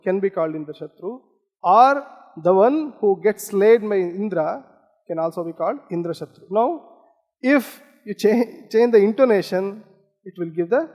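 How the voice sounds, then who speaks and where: A man from India giving an academic lecture, explaining step by step and often pausing on "okay" and "uh". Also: sits high, a little mellow, long reverb tail. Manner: explanatory, with frequent "okay" and "uh" fillers.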